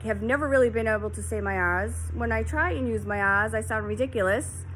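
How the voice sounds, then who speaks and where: A woman's voice: on the high side, a little fast, a bit bright, a little hiss or hum. A woman from Medford with a Boston accent, speaking plainly and proudly. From Medford, Massachusetts.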